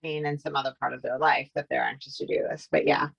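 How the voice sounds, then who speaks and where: A woman's voice: deep voice, flat delivery, fast, gravelly, husky, no room sound. Female co-host, brief thoughtful replies; muffled lo-fi, dry sound. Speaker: podcast co-host. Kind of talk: casual TV recap chat.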